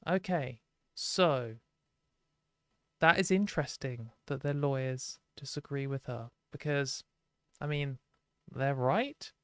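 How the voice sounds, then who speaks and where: A British woman hosting a live stream, talking casually and frankly with lots of "like" and quick laughs. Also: rumbling low, fairly bright tone, no room sound. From Britain.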